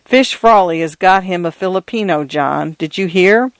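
Man reading a chatty fifties priest, easygoing gossip, kinda high voice. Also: normal speed, no echo. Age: 50s. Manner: easygoing, anecdotal. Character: genial, gossipy aging male priest.

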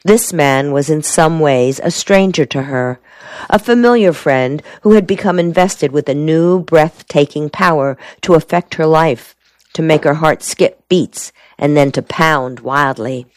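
A woman narrating a novel in a steady, measured audiobook reading. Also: deep voice, dry recording.

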